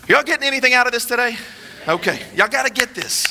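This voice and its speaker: Male pastor, sermon delivery: emphatic and repetitive, with a high, very bright voice. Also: fast. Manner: emphatic, repetitive preaching, dropping low for solemn points.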